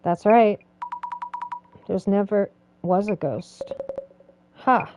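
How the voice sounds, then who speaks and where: A woman's voice: medium pitch, extremely slow, noisy background. A woman reading a game's dialogue aloud, voicing every character in turn with dramatic reads. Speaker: let's play narrator reading all characters.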